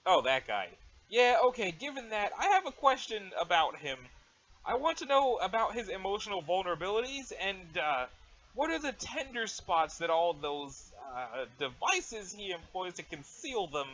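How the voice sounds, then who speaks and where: A man's voice: high voice, sing-song, normal speed, a bit bright. A man voicing an aloof, formal alien troll girl with stiff, overly proper wording, on a dull lo-fi mic.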